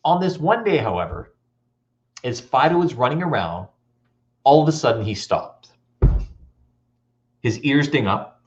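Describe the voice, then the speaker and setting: Animated man giving a school motivational talk. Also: medium pitch, unhurried, long pauses. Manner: animated, storytelling, audience questions. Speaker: motivational speaker. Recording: dull lo-fi recording.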